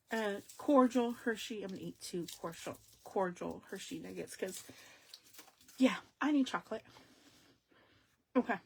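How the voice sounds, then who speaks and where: A woman chatting to viewers during a crafting live stream, her voice at an everyday middle pitch. She talks in a loose, casual way. She jumps between loud exclamations and quiet, near-whispered asides. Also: a little hiss or hum.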